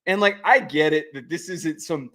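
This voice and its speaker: A man co-hosting a podcast, telling animated stories in casual chat and swearing freely. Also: a little high, normal speed. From United States. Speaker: podcast co-host.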